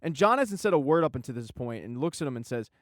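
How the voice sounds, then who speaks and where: A man's voice: medium pitch, big pitch swings, quick pace, no room sound, clean studio sound. A man narrating a television recap in a casual, jokey, irreverent way. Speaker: TV recap host.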